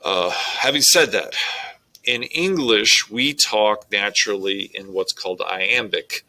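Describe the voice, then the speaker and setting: A man, teaching a recorded lesson on poetic meter in a slow, deliberate way with frequent fillers. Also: on the low side, bright, forceful tone, poor audio.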